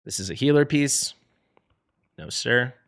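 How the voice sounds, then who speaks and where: A man's voice: medium pitch, expressive, a little slow, gravelly, fairly bright tone. A man streaming a mobile game live, joking and playfully dramatic as he sorts through gear. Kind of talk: live gameplay commentary.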